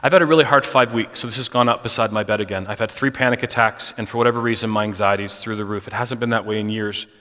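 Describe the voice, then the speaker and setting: A man's voice: on the low side, steady tone, fast talker, hardly any pauses, sharp tone. Frank man speaking in a reverberant church. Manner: conversational, frank, personal, uses "like" often. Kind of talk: candid church talk on mental health. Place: church sanctuary. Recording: long hall reverb.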